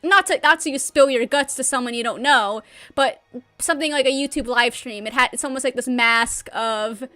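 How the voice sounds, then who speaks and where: Bubbly high-voiced young woman streamer. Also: normal speed, pushed and bright, faint music behind. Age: young adult. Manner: bubbly, chatty, laughs often. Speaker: livestreamer. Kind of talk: casual chat during a game livestream.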